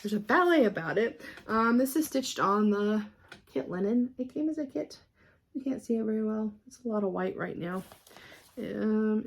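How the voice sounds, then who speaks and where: A woman in casual show-and-tell mode, walking through her craft projects in an easy, rambling way. Her voice sits in a middling pitch with a gravelly fry underneath. She loses her train of thought now and then and laughs at herself before moving on. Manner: chatty and scattered, trails off and laughs at herself. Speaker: cross-stitch vlogger.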